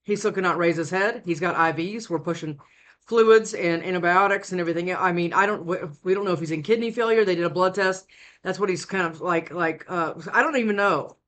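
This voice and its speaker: A woman's voice: lowish voice, a little fast, fairly bright tone. A worn-out woman giving a casual tarot reading at home into a close desk mic, rambling with many restarts. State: worn out from lack of sleep. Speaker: tarot reader. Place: indoors at home.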